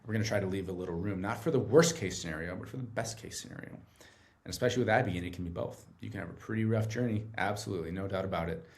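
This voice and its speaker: A man with a low, gravelly voice talks earnestly as a podcast guest. He explains things in a relaxed, conversational way and keeps checking in with the listener. His tone has a steady, grounded weight. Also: rapid-fire. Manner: earnest, tags points with "right?". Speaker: guest, treatment center director.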